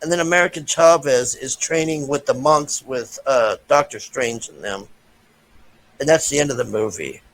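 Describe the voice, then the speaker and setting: A man's voice: medium pitch, moderate pace, fairly bright tone, low-quality recording. A man giving a casual, profane, frustrated rant as a movie reviewer, with many restarts.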